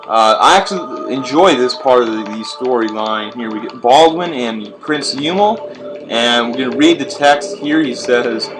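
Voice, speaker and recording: A man's voice: mid-range voice, animated, normal speed. Male walkthrough narrator, laid-back and foul-mouthed, over prominent game music. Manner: profane, rambling, laid-back. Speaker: video game walkthrough player. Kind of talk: casual gameplay commentary.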